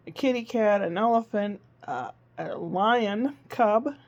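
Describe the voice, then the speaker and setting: A woman's voice: mid-range voice, a little slow, a little mellow, lo-fi sound. A woman vlogging in casual chat, rambling through a homey story with plenty of fillers, from her living room.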